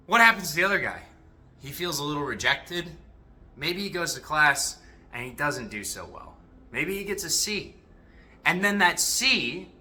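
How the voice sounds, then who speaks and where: A man giving a casual motivational monologue to his viewers, animated and freely swearing as he talks to them directly. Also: a little high. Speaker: self-improvement vlogger.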